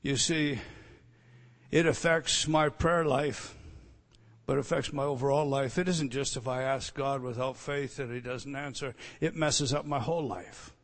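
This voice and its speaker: A man preaching a sermon, swinging between loud emphatic teaching and quiet storytelling. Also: mid-range voice, fairly even intonation, a little slow. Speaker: pastor. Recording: long reverb hall.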